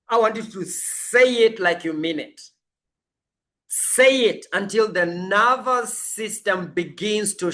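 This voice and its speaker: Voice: mid-range voice, pushed and bright. A life coach giving a motivational coaching talk, emphatic and repeating affirmations over and over.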